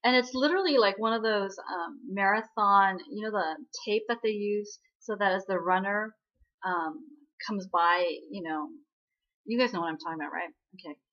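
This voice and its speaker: A woman giving a casual spoken recap of a TV drama, chatty and full of fillers, acting out quoted lines in a higher voice. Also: normal speed, fairly bright tone, dull audio.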